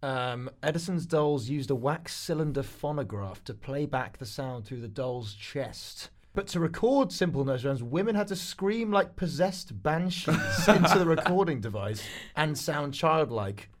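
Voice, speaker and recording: A man co-hosting a casual pitch show, joking and reading notes aloud. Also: expressive, unhurried, hardly any pauses. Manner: jokey, reads notes aloud, laughs often. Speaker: co-host. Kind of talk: casual panel chat.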